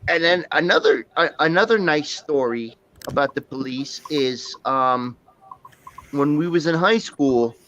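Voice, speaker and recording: A man's voice: on the high side, expressive, a little slow, bright, forceful tone, dull audio, slight background noise. A man hosting a livestream, telling rambling, profane stories in casual chat and laughing often. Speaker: livestream host.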